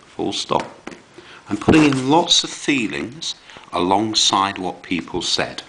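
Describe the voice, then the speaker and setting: A man teaching young children a writing lesson, reading examples aloud with slow dramatic emphasis. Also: low voice, slight background noise, rough recording. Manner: slow, lively delivery with dramatic read-aloud. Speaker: primary school teacher.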